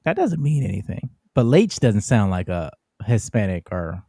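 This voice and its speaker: A man's voice: on the low side, very animated, moderate pace, warm tone, slightly rough, no room sound, studio quality. A man co-hosting a casual podcast chat, reading listener comments aloud in a wry, chatty way. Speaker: co-host.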